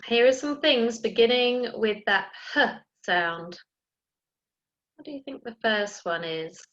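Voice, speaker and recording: Woman teacher, fairly high voice, unhurried and clear, sounding out letters for small children; dull lo-fi recording. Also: a bit bright. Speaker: primary school teacher. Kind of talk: early years phonics lesson.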